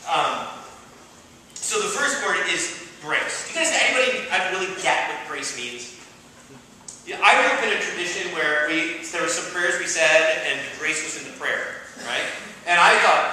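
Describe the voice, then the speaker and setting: A man's voice: sits high, expressive, normal speed, sharp tone. A young man giving a casual, filler-heavy sermon to students, often asking "right?". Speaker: campus ministry speaker. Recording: echoey hall, distant mic, faint noise.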